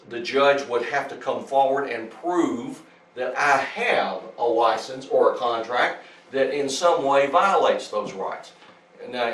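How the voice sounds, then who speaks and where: A man's voice: medium pitch, a bit bright. Guy giving a talk in a meeting room, repeats himself, sounds far off and echoey. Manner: repetitive, emphatic, frequent restarts. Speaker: speaker at a public talk. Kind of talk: lecture reading out legal statements.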